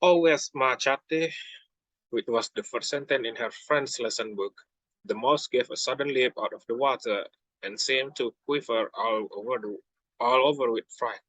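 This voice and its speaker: A man's voice: mid-range voice, a bit bright, husky, dry recording, poor audio. A young man reading a children's book aloud as a student, stumbling over words and correcting himself. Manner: halting, frequent slips and self-corrections. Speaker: student reader.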